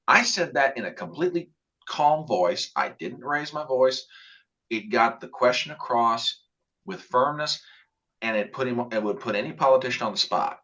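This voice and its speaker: A man's voice: mid-range voice, moderate pace, a bit bright. A man in casual political chat who talks emphatically and acts out quotes. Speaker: podcast guest. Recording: dull lo-fi audio.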